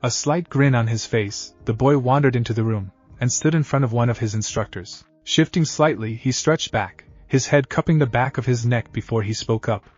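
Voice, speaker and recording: A man giving a steady scripted fan fiction narration, muffled, with faint music behind. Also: medium pitch, normal speed, few pauses.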